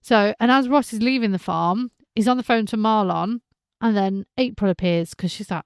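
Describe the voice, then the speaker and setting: A woman's voice: mid-range voice, normal speed, smooth, no echo, studio quality. A woman hosting a podcast, chatting casually through a soap recap and acting out the characters' lines. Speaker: podcast host.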